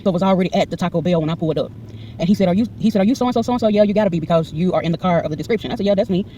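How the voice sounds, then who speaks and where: A woman's voice: fairly low pitch, rapid-fire, far from the mic, dull audio, a little hiss or hum. A woman in her forties telling a personal story to camera, acting out the dialogue in a heated, indignant way. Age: 40s. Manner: animated, acts out every exchange in quoted dialogue; heated and indignant when retelling. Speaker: vlogger recounting a personal incident.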